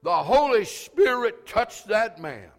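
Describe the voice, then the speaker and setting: A pastor preaching a sermon, telling a story that swells into shouted calls to the congregation. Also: male voice, sits high, very animated, slow pace, big-room sound, faint music behind. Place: church sanctuary.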